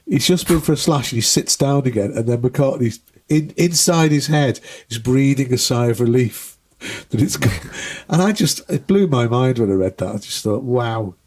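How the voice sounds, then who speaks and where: Husky-voiced man telling lively stories. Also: medium pitch, moderate pace, few pauses. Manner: animated storyteller who acts out the people in his stories, swears freely. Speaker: guest comedian and musician. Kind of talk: casual podcast chat, anecdote telling.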